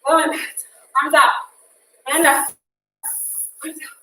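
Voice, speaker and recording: A young woman leads an interval workout with a high, bright voice, counting down and cheering in an upbeat, breathless way. She paces her cues unhurriedly, and she sounds slightly distant in an echoey room. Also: flat delivery, slow pace, slight background noise. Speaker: fitness instructor. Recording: echoey room, mic far off.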